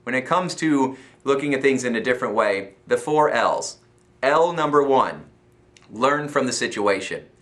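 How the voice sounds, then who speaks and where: A man's voice: mid-range voice, lively intonation, normal speed, fairly bright tone. An American man giving an upbeat motivational talk as a self-help coach, laughing often and acting out little voices.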